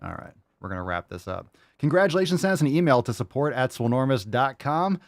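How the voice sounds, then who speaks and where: A man's voice: mid-range voice, lively intonation, quick pace, no echo, clean studio sound. A man hosting a casual podcast, swearing freely and scolding his barking dogs between segments. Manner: profane, scolds barking dogs mid-show. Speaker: podcast host.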